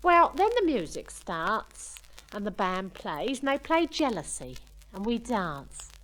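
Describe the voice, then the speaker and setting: A woman's voice: medium pitch, big pitch swings, slow pace, fairly bright tone, poor audio. A woman playing a chatty young working-class woman who tells a comic story in broken, slangy grammar. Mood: gossipy. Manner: ungrammatical cockney-style chatter, "we done", "I says". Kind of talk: comic monologue.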